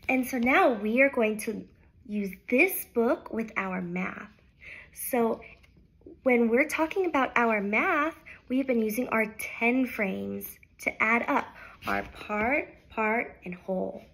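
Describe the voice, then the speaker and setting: Slow sing-song woman teacher. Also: expressive, fairly bright tone. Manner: slow, sing-song storybook reading with big pitch swings. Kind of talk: reading a picture book aloud to young children.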